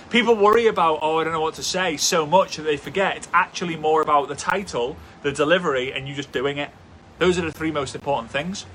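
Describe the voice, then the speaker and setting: Guy doing a live coaching q&a, punchy and bright, repeats stuff for emphasis, slight background hum. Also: on the high side. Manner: energetic, emphatic, repeats key points. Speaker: host, business coach. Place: indoors, traffic passing outside.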